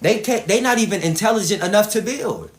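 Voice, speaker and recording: A man's voice: high voice, expressive, fairly quick. Man, combative, profane, livestream host, echoey room sound. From Atlanta, Georgia, US. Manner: profane and combative, repeats himself. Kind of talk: livestreamed rant.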